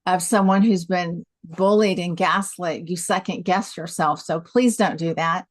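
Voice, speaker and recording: A woman's voice: lowish voice, a little slow, dry recording, studio quality. A woman giving reassuring advice in a supportive conversation. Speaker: club member, author.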